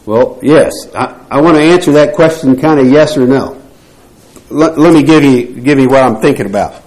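A man's voice: mid-range voice, normal speed, a little mellow, poor audio. A man teaching a Bible class, posing rhetorical questions to the group and often restarting his phrases.

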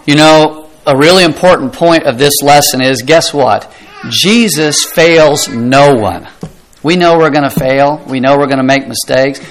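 A man's voice: on the high side, fairly even intonation, normal speed, few pauses, a little hiss or hum, rough recording. A middle-aged man preaching a sermon, earnest and emphatic, asking rhetorical questions and dropping his voice for effect. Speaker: pastor.

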